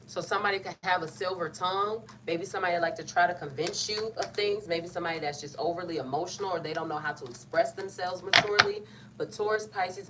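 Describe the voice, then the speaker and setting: A young woman giving a casual, playful tarot reading, talking in a loose colloquial way and often cutting herself off. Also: on the low side. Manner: chatty, colloquial, playful and self-interrupting. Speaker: tarot reader. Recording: slightly distant mic, faint background noise.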